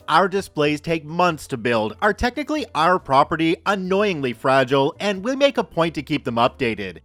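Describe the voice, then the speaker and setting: A man narrates a first-person story with a fairly high voice that swings widely in pitch. His delivery is scripted and expressive, with dry sarcastic asides. The sound is close and dry, with faint music underneath. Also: normal speed, hardly any pauses, no room sound. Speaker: storyteller reading reddit posts.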